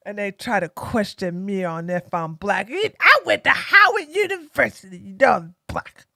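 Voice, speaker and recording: A woman's voice: medium pitch, expressive, normal speed, gravelly, pushed and bright, no room sound, studio quality. A woman putting on a mocking impression of a whiny, self-pitying defeated woman politician. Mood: sulky.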